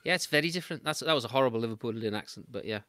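A man's voice: medium pitch, rapid-fire, sharp tone, dry recording, studio quality. An English man hosting a casual video call interview, playful and teasing with his guest. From England. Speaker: host.

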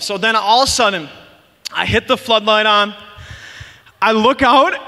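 A young man preaching to a youth group, telling stories in an animated way, full of "like" and "you guys". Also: high-pitched, moderate pace, pauses often. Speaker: youth pastor. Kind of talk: youth sermon. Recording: long reverb of a big hall.

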